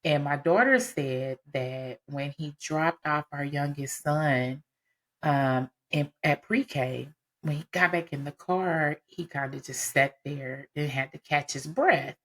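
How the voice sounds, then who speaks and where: A woman telling her own story on a podcast, casual and animated, with lots of fillers. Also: sits low, takes it slowly. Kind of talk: personal storytelling.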